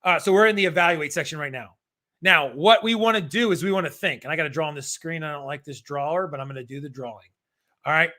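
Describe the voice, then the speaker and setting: High, bright-voiced energetic male coach. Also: quick pace. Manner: energetic, slangy, talks to chat viewers. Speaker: exam prep coach. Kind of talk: live-stream Q&A lesson.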